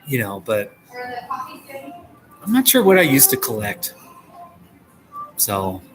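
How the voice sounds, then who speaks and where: A man's voice: mid-range voice, huge pitch swings, takes it slowly, over music, rough recording. A man with a New Jersey accent chatting casually on a live stream, joking and answering viewers. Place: coffee shop.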